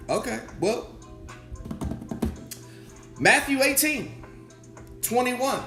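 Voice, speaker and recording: A man preaching a sermon as pastor, animated, repeating his questions and acting out the voices of his listeners. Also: high voice, a little slow, long pauses. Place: church sanctuary. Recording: echoey church room with music.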